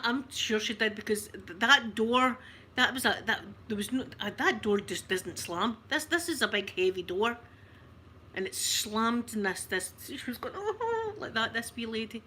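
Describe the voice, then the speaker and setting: A Scottish woman hosts a casual livestream, telling a family story in a chatty, animated way with plenty of restarts and laughter. Her voice is bright and sits a little high. A faint background hiss runs under her. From Scotland. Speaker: ASMR livestream host.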